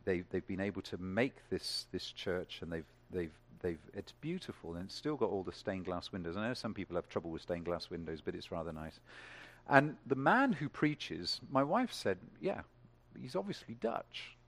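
A man preaching a sermon to a congregation, talking in a lively way, building to emphatic peaks and asking the room questions. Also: on the low side.

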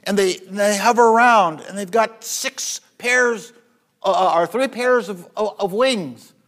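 A man preaching a sermon, rising to loud, high repetitions and dropping to soft, low passages, often restarting his phrases. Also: unhurried. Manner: repeats words and restarts phrases.

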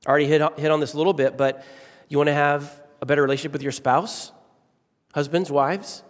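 A middle-aged male pastor preaching in a church sanctuary, his fairly high voice trailing off into a long hall reverb. He leans on repeated phrases and swings between slow, stressed lines and quick asides. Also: steady tone. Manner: emphatic, varies pace and volume, repeats key phrases. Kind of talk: sermon.

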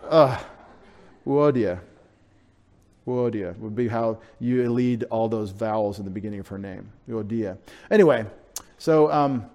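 With a mid-range voice, a male preacher moves through his sermon in an animated, conversational way. His volume rises for emphasis and drops for quiet asides, and he pronounces Greek words and drops in playful comments.

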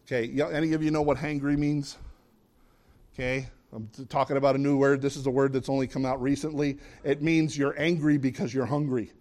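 A man preaching a sermon as a pastor, conversational and animated, often questioning the audience and acting out what people say. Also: mid-range voice, fairly quick. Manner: animated, acts out quoted voices.

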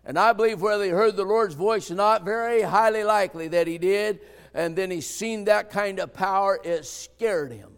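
A man preaching a sermon as pastor, folksy and conversational, building to fervent shouts. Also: high-pitched, moderate pace, clean tone, long reverb tail.

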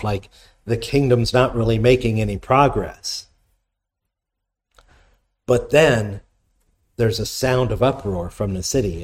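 A man's voice: medium pitch, darkish tone. Man preaching a conversational sermon. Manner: conversational teaching with questions to the congregation; reads scripture aloud between explanations. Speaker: pastor.

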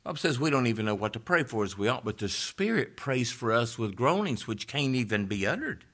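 A man preaching a sermon, rising to loud fervent peaks and dropping to hushed, low emphasis. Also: sing-song, a little fast.

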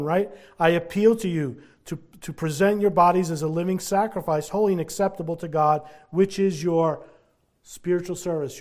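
A man preaching a sermon, reading scripture and explaining it in an earnest, deliberate way, slowing down on key words. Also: fairly high pitch, a little mellow.

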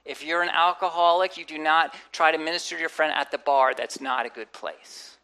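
With a low voice and a fairly quick pace, this woman pastor delivers a conversational sermon. She's animated, acting out quotes and inner voices and tossing in humorous asides.

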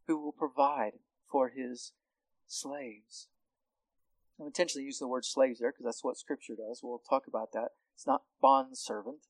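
A man's voice: medium pitch, dry recording. A man teaching through a psalm verse by verse, talking conversationally with frequent restarts and tag questions. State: hard of hearing. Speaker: Bible teacher. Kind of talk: expository Bible teaching.

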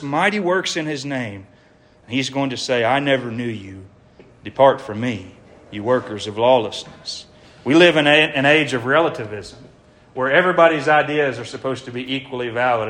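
A man preaches an evangelistic sermon to his congregation. His voice sits at an ordinary middle pitch, and he speaks earnestly and emphatically, often asking his listeners rhetorical questions. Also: fairly bright tone.

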